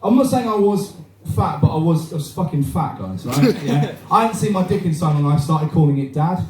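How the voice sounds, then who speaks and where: Crude stand-up comic, roomy and distant. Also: male voice, on the high side, expressive, brisk, noisy background. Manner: crude, self-deprecating, chatty with the crowd. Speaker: stand-up comedian. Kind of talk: stand-up comedy set. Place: small bar venue with a live audience. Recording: roomy live sound from a distant mic with audience laughter.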